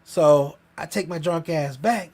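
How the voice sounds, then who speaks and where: A man telling a long, profane story in casual podcast chat, rambling and animated. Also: a little high, a little slow. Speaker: podcast co-host.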